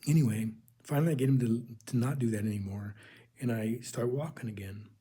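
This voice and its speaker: A religious video host shares a spiritual testimony in a husky, somewhat breathy voice of medium pitch, dark and mellow in tone. He speaks earnestly but haltingly, often restarting, and addresses his listeners directly as "people."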